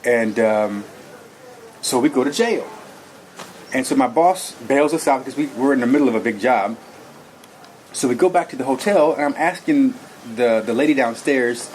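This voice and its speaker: A man tells his own story in an earnest, rambling way, stopping often for fillers and restarts. His voice sits at an ordinary middle pitch. A faint noise hums under the recording. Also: normal speed, darkish tone, low-quality recording. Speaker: guest telling his story. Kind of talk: personal testimony.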